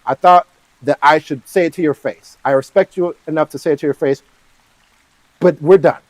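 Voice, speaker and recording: A man's voice: a little high, normal speed, no room sound, lightly acted, low-quality recording. A man doing an exasperated fiancé breaking up. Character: fed-up young man breaking off engagement.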